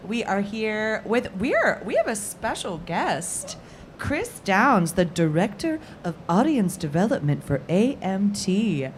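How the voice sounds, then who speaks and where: A woman's voice: mid-range voice, big pitch swings, measured pace, slight background noise. A woman hosting a live panel chat at a trade show lounge, upbeat and playful, laughing often. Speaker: host.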